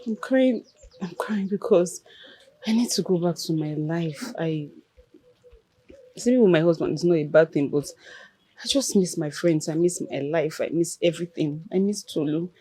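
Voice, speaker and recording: A woman's voice: low voice, normal speed, mellow, breathy edge. An actress with a Nigerian accent playing a homesick young queen who speaks tearfully and pleadingly.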